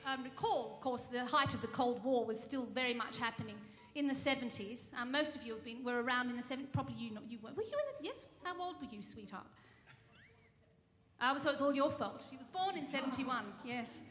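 Bright high-voiced woman in an echoing venue. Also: a little fast. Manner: rambling, full of ums and restarts; mock-earnest tall tale. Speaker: cabaret singer and bandleader. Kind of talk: comic stage monologue. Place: live music venue. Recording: reverberant live room.

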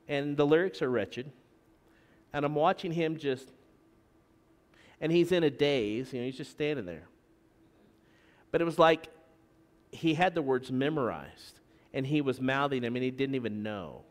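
A man's voice: mid-range voice, in a large hall. A middle-aged man preaching a sermon as pastor, with joking asides to the congregation. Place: church sanctuary.

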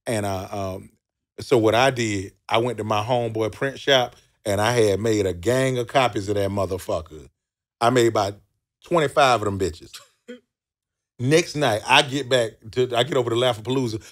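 A man's voice: medium pitch, moderate pace. A man with a Southern US accent, telling a loose, profane story with laughs on a comedy talk show. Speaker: comedian guest.

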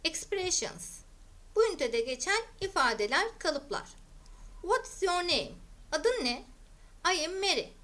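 Woman teacher, high bright voice, slow deliberate vocabulary drill for kids. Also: sing-song. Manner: clear, deliberate, repeating each word for learners. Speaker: English teacher. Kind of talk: slow vocabulary drill, English word then Turkish meaning.

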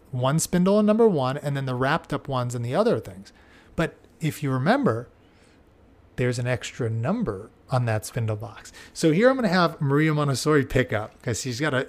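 Male host for an education podcast, animated pitch, enthusiastic and conversational. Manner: enthusiastic, chatty, with frequent "like" and "you know". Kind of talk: casual educational podcast talk.

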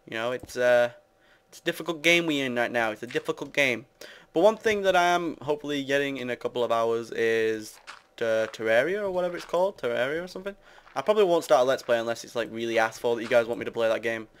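A young man from the UK with a British accent talks his way through a building game, rambling and teasing his viewers. His voice sits at an ordinary middle pitch. Keyboard typing can be heard behind him. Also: quick pace, smooth. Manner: rambling, self-mocking, chatty with viewers. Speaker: gamer. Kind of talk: casual Let's Play commentary.

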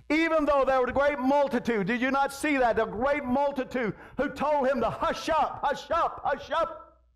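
High-voiced fervent preaching man. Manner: fervent, repetitive preaching with frequent amens and call-outs. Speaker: pastor. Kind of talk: sermon.

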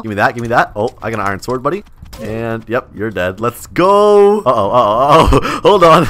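A young man giving energetic gameplay commentary as a gaming YouTuber, excitable, laughing often and repeating himself rapidly when panicked. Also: mid-range voice.

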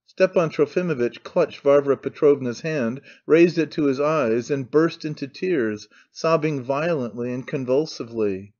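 A man narrating an audiobook in a measured, even storytelling manner. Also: mid-range voice, lo-fi sound. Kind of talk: scripted narration.

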